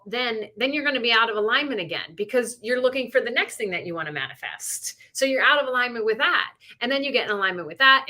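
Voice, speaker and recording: Woman, middle-aged, bright clear tone, casual podcast chat, rambling storyteller. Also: on the high side. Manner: chatty storyteller, many likes and you knows. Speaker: podcast co-host.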